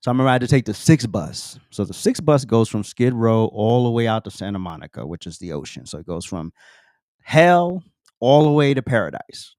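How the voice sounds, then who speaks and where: A man's voice: on the low side, fast talker, few pauses, a little mellow, dry recording, clean studio sound. A man hosting a podcast, telling an earnest, reflective personal story with open emotion. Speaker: podcast host.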